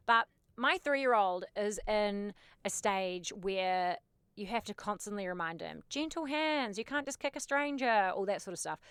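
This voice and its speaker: A woman, hosting a podcast and telling a story in a casual, animated, emphatic way with dramatic asides. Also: mid-range voice, clear, resonant tone, no echo. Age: late 30s. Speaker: podcast host.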